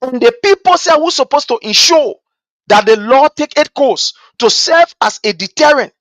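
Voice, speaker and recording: A Liberian man with a Liberian English accent and an extremely high, fairly bright voice hosts a political talk show. His impassioned commentary is full of rhetorical questions and repeated points, often asking "guess what," in a dry recording.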